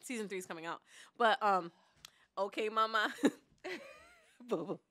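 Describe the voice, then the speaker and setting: A woman co-hosting a podcast in casual chat, talking in an animated, expressive way and laughing often as she tells stories. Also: mid-range voice, unhurried. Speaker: podcast co-host.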